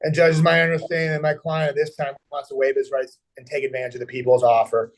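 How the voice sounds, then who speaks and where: A man's voice: medium pitch, flat delivery, quick pace. A man acting as defense attorney in a virtual courtroom, speaking in formal, formulaic and polite courtroom language. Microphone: video call.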